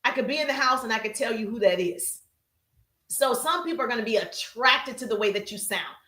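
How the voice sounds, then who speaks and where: Bright, high-voiced energetic woman coach. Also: brisk, echoey room. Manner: calls out to viewers in the chat. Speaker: social media business coach. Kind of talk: live-stream teaching to viewers.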